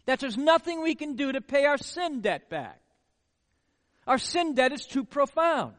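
A man's voice: very high-pitched, lively intonation, a little slow, a bit bright. A male pastor preaching a sermon, full of rhetorical questions and words repeated for emphasis. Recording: long hall reverb.

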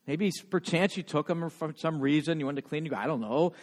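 A middle-aged male pastor preaching a sermon, swinging from loud, emphatic passages to hushed ones and repeating words when moved. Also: a little high, fast talker. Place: church sanctuary. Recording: long reverb of a large hall.

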